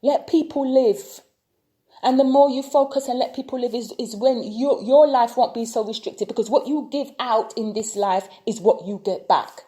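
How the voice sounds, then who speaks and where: A woman's voice: fairly high pitch, normal speed, few pauses, warm tone. A woman vlogging an impassioned rant, full of repeated rhetorical questions. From United Kingdom. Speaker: tarot reader and vlogger. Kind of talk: opinion vlog rant.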